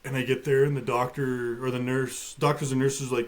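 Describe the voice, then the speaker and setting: Man, talk show guest, matter-of-fact storytelling, dry humor, plenty of uh and you know, middle pitch. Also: little pitch movement, brisk. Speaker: guest, bear attack survivor. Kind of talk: telling a personal story.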